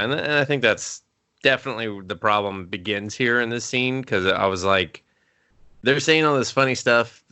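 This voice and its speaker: A young adult man with a low-pitched voice talks through a film in a loose, laughing podcast chat. He rambles, swears freely and chuckles at his own asides. The sound is close and dry. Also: a bit bright, clear, resonant tone, dry recording. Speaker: podcast co-host. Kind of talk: casual movie review chat.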